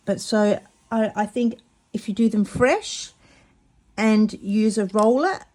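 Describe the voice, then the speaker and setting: A woman, chatting casually and excitedly while showing a craft project, often stumbling over her words. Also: medium pitch, slow. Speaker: craft vlogger.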